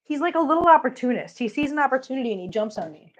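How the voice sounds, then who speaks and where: A woman's voice: sits high, expressive, very fast. A middle-aged woman chatting casually to her cats and her livestream viewers while she cleans, a bit out of breath. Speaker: cat channel vlogger.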